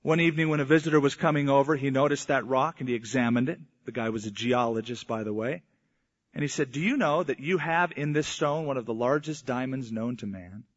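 A man's voice: mid-range voice, a little fast. Storytelling preacher man, lo-fi sound. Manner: storytelling preacher, voices quoted people in mock old English. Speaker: pastor. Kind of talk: sermon. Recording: dull lo-fi sound.

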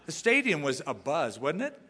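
Animated preacher man in a reverberant hall. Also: fairly high pitch, moderate pace, slightly rough. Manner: animated, playful, acts out quoted voices. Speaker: pastor. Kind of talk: sermon.

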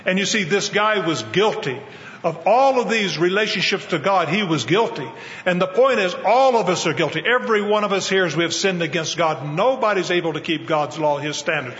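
A man's voice: sits high, animated, a little fast, a bit bright, in a large hall, muffled recording. A man preaching a sermon to a church congregation, speaking earnestly and addressing the listeners directly. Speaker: evangelist preacher. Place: church in New Mexico.

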